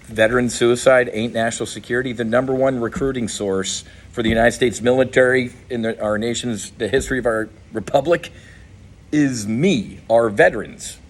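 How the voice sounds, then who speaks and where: A man's voice: medium pitch, normal speed. A middle-aged man giving an impassioned, profane political monologue as a podcast host, blunt and frustrated, often restarting his sentences. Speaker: podcast host and veteran advocate.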